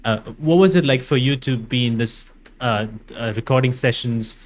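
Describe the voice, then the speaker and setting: A man hosting a podcast interview, asking questions in a halting way, often repeating and rephrasing himself. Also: mid-range voice. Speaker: podcast host.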